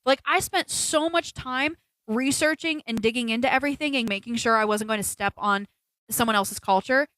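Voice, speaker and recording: Lady cohosting a chatty podcast, fairly high voice, dry close sound, gets worked up telling stories. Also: normal speed, dry recording. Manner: animated storytelling, quotes people in put-on voices. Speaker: podcast co-host. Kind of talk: casual chat on a livestreamed podcast.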